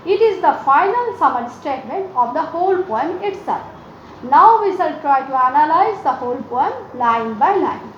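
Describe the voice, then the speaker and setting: A woman teaching, explaining a sonnet's rhyme and meter line by line in a slow, careful way. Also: high-pitched, reverberant, highs cut off, a little hiss or hum.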